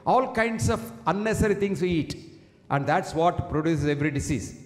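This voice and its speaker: A man's voice: on the high side, normal speed. An older man with an Indian English accent gives an emphatic public health lecture, quoting Sanskrit verses and putting questions to his listeners. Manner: emphatic, animated lecturer who quotes Sanskrit verses and asks the audience questions. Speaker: doctor giving a health talk. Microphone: single handheld or stand mic. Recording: echoey hall sound.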